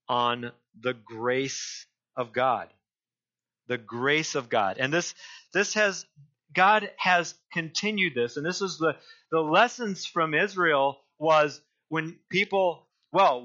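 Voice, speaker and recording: A male pastor preaching a sermon, deliberate and often repeating and restarting his phrases. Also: on the high side, pushed and bright, highs cut off.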